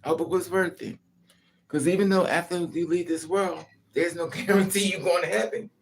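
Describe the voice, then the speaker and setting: A man's voice: high voice, steady tone, moderate pace, vocal fry, slight background noise. A man telling candid personal family stories to camera in a blunt, profane, emphatic way, with frequent asides. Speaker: vlogger. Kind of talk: candid personal storytelling monologue.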